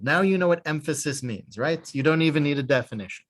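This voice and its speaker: A man's voice: a little high, quick pace. A man teaching a beginner language class, patiently explaining step by step with a small joke now and then. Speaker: Hebrew teacher. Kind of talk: online class instruction.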